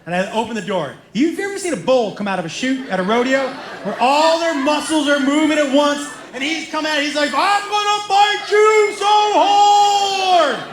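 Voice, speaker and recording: A man's voice: very high voice, animated, a little fast, background noise. A man doing stand-up, telling a long story and acting out the voices in it. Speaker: stand-up comedian. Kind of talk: stand-up storytelling to a live audience. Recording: echoey stage with loud crowd laughter.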